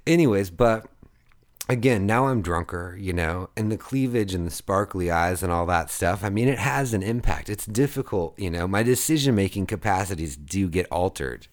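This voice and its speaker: A man's voice: on the low side, animated, normal speed. A man in his thirties telling a long story in a casual monologue. He rambles, swears freely and laughs at his own jokes. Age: 30s. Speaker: podcast host.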